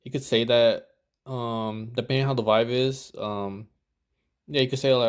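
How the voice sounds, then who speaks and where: A man talking over a video as a dating coach, loose and rambling, with plenty of swearing. He keeps slipping into the lines he would say himself. His pitch sits in an ordinary middle range. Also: steady tone, normal speed, smooth. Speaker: dating coach reviewing footage. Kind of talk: casual reaction commentary.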